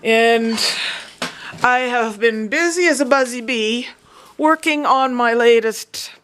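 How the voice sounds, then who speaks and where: A woman's voice: fairly high pitch, takes it slowly, fairly bright tone. A woman in a casual show-and-tell vlog, chatty and enthusiastic, rambling with restarts as she shows her work. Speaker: vlogger.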